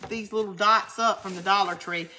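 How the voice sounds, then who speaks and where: A woman's voice: mid-range voice, steady tone, moderate pace, pushed and bright, a little hiss or hum. Chatty Southern-drawl woman crafting live. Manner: rambling, chatty, answers viewer comments. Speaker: craft channel host. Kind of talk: casual live crafting chat.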